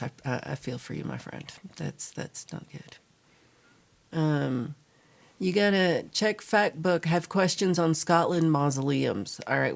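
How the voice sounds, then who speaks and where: Low, gravelly-voiced woman chatting. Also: darkish tone. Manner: chatty, rambling, reads chat aloud. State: sluggish, tired. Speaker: livestream host. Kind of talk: casual live chat.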